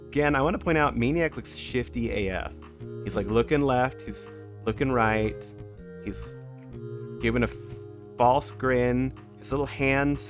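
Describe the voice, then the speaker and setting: Rambling, self-mocking man commentating a game. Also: mid-range voice. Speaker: let's play host. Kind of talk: casual gameplay commentary.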